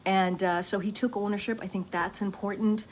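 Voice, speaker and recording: A woman press secretary answering questions at a briefing, measured and halting with many fillers. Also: medium pitch, steady tone. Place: briefing room.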